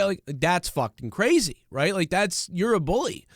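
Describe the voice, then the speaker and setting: A man's voice: sits high, animated, moderate pace, hardly any pauses, fairly bright tone, dry recording, studio quality. A young man hosting a podcast, ranting casually with lots of swearing, fillers and restarts. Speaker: podcast host. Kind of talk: casual comedic rant.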